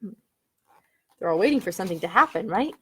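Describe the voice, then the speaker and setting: A woman, a children's librarian, reading picture books aloud to children with an animated, questioning storytime manner. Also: medium pitch, normal speed, breathy edge. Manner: animated, asks listeners questions, gasps at the story.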